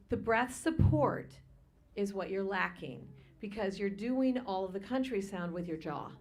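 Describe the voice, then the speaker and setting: A woman voice teacher judging a singer, explaining technique in an instructive, practical way. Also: mid-range voice. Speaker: vocal teacher and judge. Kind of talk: spoken critique.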